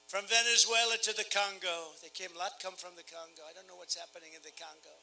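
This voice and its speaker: An older American man gives a rally speech at a podium microphone, boastful and sarcastic, repeating his lines and dropping from loud bursts to hushed asides. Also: sits high, steady tone, fast, vocal fry, rough recording. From United States. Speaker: campaign speaker. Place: outdoor campaign rally.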